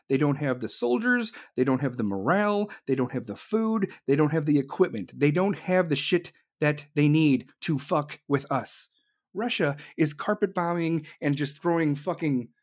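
A commentator delivering an angry, blunt political rant full of swearing. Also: medium pitch.

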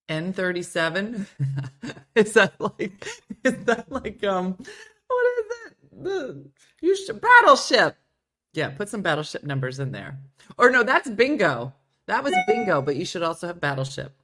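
Lively, bright-voiced woman hosting a chat. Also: deep voice. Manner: playful, reads viewer comments aloud and riffs on them. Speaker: show host. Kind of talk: casual livestream chat.

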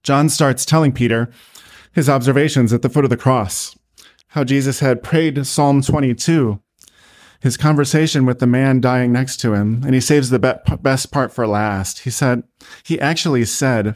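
A man, a priest, narrating a sermon as a slow, deliberate story. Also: medium pitch, steady tone, a little mellow.

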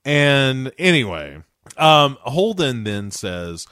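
A man's voice: medium pitch, a little slow, dry recording. A man co-hosts a casual podcast and retells a TV episode scene by scene. He tells it with energy, slipping into the characters' lines. The sound is dry and close. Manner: animated storyteller, acting out quotes. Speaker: podcast co-host. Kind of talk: casual chat recapping a TV episode.

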